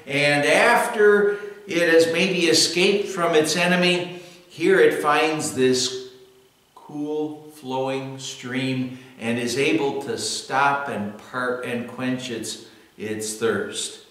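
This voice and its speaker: A man giving a devotional talk as a pastor, unhurried and earnest, often pausing on "well". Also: a little high, fairly even intonation, a bit bright. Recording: echoey room, voice from a distance.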